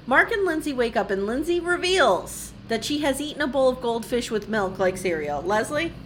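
Female podcast co-host, casual recap chat, blunt and profane, quick laughs, animated higher voice. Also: a little hiss or hum. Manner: blunt, swears, laughs often.

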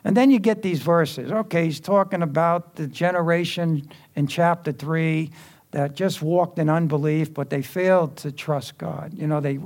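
A man's voice: fairly high pitch, normal speed, darkish tone. A man preaching a sermon in a church, talking conversationally with quips and asides to the congregation.

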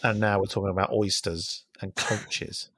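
A man's voice: fairly low pitch, steady tone, moderate pace, a bit bright, slightly rough, no room sound, studio quality. A man co-hosting a casual football podcast, wry and self-mocking. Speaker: podcast co-host.

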